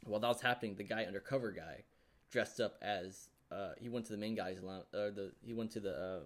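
A man vlogging a casual, rambling recap of a show, full of fillers and excited reactions. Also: fairly low pitch, a little fast. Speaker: YouTuber.

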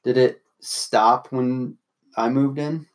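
A young man from Louisville chats loosely on a podcast, telling stories in a rambling way. His voice sits at an ordinary middle pitch, and he drops crude asides without fuss. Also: fairly even intonation, slow pace. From Louisville, Kentucky. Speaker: podcast co-host. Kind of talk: casual chat.

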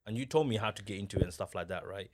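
A young man in a casual podcast chat, telling stories with lively energy, acting out what others said, often restarting his sentences. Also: on the low side, racing, dry recording, studio quality. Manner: animated storyteller, acts out what others said.

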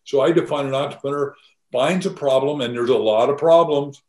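A man's voice: mid-range voice, fairly quick, darkish tone. Older man, emphatic motivational talk, roomy. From United States. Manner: emphatic, motivational, laughs between points. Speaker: guest author. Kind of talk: enthusiastic interview talk. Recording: roomy echo.

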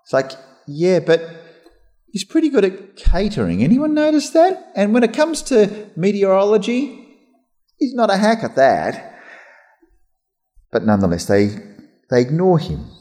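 A man preaching a conversational sermon as pastor, lively and chatty, slipping into mock voices. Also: sits high, unhurried, long pauses. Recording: long hall reverb.

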